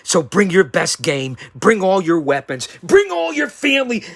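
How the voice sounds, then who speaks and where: Male show host in wrestling-promo mode: raspy, gravelly, theatrical, jumps between yelling and hushed threats. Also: high voice, huge pitch swings, normal speed, dry recording. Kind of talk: wrestling-style hype promo.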